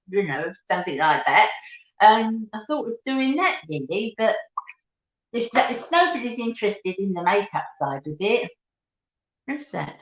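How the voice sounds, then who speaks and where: A woman's voice: medium pitch, a bit bright. A woman from the East End of London with a Cockney accent, hosting a casual live-stream chat and calling her viewers sweetheart and darling. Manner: chatty, affectionate, calls viewers sweetheart and darling. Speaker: beauty channel host. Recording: roomy, dull lo-fi home stream.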